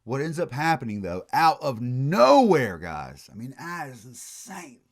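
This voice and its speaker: A man's voice: medium pitch, wildly swooping pitch, unhurried. A man giving a recorded college history lecture, telling it as a story with casual asides and frequent restarts.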